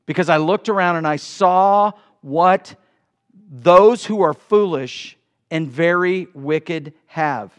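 High-voiced animated preacher man. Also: slow pace. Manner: animated preaching with sudden loud bursts and hushed asides. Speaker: pastor. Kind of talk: sermon. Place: church sanctuary.

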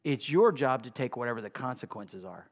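A man preaching a sermon, swinging between quiet talk and loud, drawn-out emphasis. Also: medium pitch, expressive. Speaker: pastor.

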